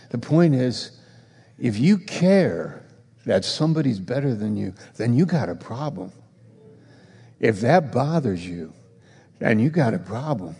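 A man's voice: medium pitch, big pitch swings, measured pace, creaky, pauses often, mellow, breathy edge, long reverb tail. A man preaching a sermon, repeating phrases and building to emphatic, challenging questions. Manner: repetitive, emphatic preaching that swells into rhetorical challenges.

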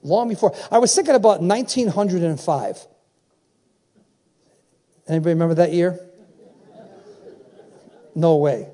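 A man in his seventies delivers a sermon in a high-pitched, mellow voice at a measured pace with frequent pauses. He hammers his points home with repeated phrases and keeps checking in with the congregation.

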